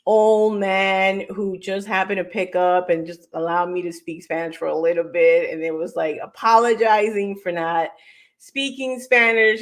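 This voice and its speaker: A woman's voice: mid-range voice, steady tone, unhurried. A woman from New York hosting a wellness show in casual, upbeat chat, chatty and self-deprecating, laughing easily. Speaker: host.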